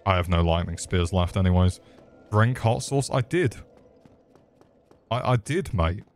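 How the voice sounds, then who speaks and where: A man's voice: low-pitched, lively intonation, unhurried, faint music behind. A man giving crude, joking commentary over gameplay, swearing freely and mocking the enemies. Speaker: gaming video creator.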